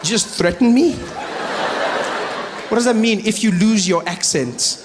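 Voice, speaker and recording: South African man, stand-up set, bright high voice, audience noise behind. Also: unhurried. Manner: animated, slips into acted voices and accents. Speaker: stand-up comedian. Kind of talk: stand-up comedy. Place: stage.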